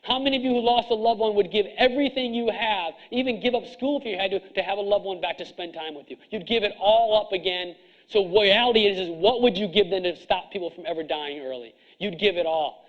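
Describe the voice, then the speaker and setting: A man's voice: high-pitched, brisk. A middle-aged man, a chiropractor, giving an intense motivational talk to students, preachy and repeating lines for emphasis. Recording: dull lo-fi recording.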